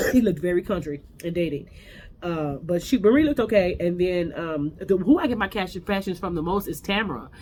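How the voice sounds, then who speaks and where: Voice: mid-range voice, animated, moderate pace, a little mellow, slight background noise. A host giving a casual, rambling reality TV recap, full of opinions and restarts.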